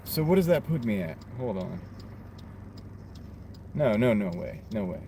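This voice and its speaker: A man's voice: mid-range voice, big pitch swings, unhurried, long pauses, mellow. Chatty man live-streaming from his car. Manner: rambling, chatty, reads out orders and answers chat. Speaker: delivery driver streaming live. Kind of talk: casual live-stream chat while driving. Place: inside a car. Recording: noisy car interior.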